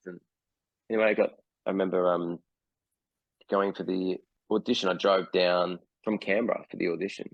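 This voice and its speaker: A man's voice: deep voice, steady tone, moderate pace, vocal fry, no room sound. A man in his forties with an Australian accent, a guest actor telling stories in a casual video-call interview, hesitant with many fillers.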